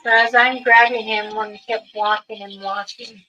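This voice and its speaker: A woman telling a personal story slowly and unhurriedly, acting out what others said and reciting prayers. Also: on the high side, level tone, bright, forceful tone, muffled recording. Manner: slow, unhurried, acts out others' lines. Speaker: storyteller, spiritual elder. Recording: music playing behind.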